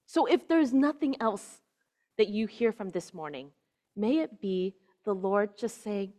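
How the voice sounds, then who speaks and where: A woman giving a conversational sermon. She keeps checking in with "right?" and drops to a hushed voice on key words. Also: mid-range voice, expressive, a little slow. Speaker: preacher.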